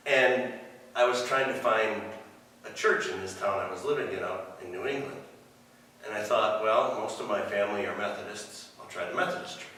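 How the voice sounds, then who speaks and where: A man in his fifties, a pastor giving a relaxed, wry storytelling sermon in a church hall, far from the mic. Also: lowish voice, slight background noise.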